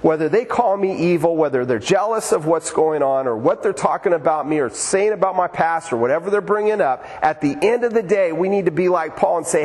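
A man's voice: a little high, fairly quick, hardly any pauses. Man preaching in a reverberant church hall. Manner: conversational, animated preaching with acted quotes. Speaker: pastor. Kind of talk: sermon. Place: church sanctuary.

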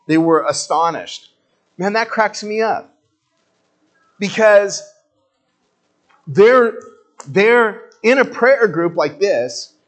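A man giving an informal sermon, telling the story in a conversational, animated way with casual slang. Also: sits high. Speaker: preacher.

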